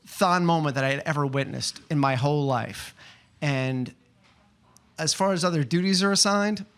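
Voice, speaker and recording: A man's voice: fairly high pitch, a bit bright. A man telling a personal story on stage at a story slam, chatty and earnest, with many fillers and restarts.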